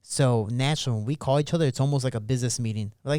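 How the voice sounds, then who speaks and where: A man's voice: mid-range voice, rapid-fire, mellow, clean tone, dry recording, studio quality. A man in his thirties, a podcast guest, telling personal stories candidly in casual interview talk. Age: 30s. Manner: candid, storytelling, acts out quoted voices. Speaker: podcast guest, MMA fighter.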